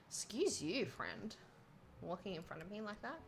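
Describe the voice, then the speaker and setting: A woman's voice: medium pitch, big pitch swings, moderate pace, gravelly, a little hiss or hum. Playful young woman streamer. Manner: playful, reads game text aloud with quips. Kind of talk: casual game playthrough commentary.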